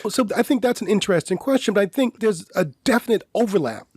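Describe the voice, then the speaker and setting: A man co-hosting a podcast, his voice a touch high and delivered close to a dry microphone. He talks in a measured, lecturing way, building his argument through strings of questions. His style is that of academic discussion. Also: lively intonation, darkish tone, dry recording. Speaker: podcast co-host.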